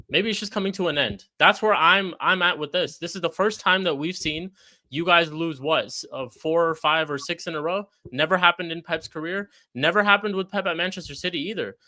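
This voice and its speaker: Podcast co-host, man, bright edge, repeats himself to drive a point home. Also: fairly high pitch. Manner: deliberate, repetitive arguing. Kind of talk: casual football debate.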